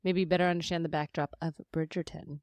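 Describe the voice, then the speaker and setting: A woman co-hosting a casual podcast, asking curious, teasing questions in a quick, chatty way. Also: deep voice, level tone, a little mellow, dry recording. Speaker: podcast co-host.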